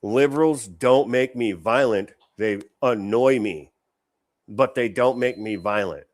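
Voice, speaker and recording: Hosting a political commentary show, a man speaks in a mid-range voice at a slightly slow pace. He's conversational, but sarcastic and indignant.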